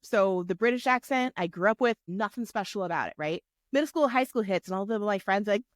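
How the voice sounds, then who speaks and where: A woman co-hosting a tabletop gaming podcast, telling stories in animated, chatty casual talk. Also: mid-range voice, fast, hardly any pauses, no echo, clean studio sound. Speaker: podcast co-host and game master. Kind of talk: casual chat.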